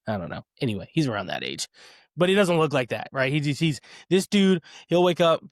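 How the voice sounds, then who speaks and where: A man around thirty hosting a podcast, talking in a relaxed, chatty way with frequent fillers, restarts and laughter. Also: a little high, a little fast, dry recording, studio quality. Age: 30s. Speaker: podcast host. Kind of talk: casual podcast conversation.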